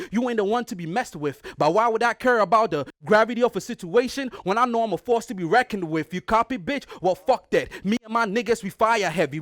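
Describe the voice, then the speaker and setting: Aggressive high-voiced battle rapper. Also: male voice, a bit bright, no echo, studio quality. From Ghana. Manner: aggressive, taunting, repeats punchlines with rising force. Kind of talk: battle rap performance.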